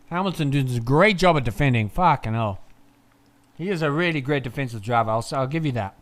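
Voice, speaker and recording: A man giving casual live race commentary, chatty, swearing freely and moving between laid-back chatter and excited shouting. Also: mid-range voice, a little fast, slight background noise.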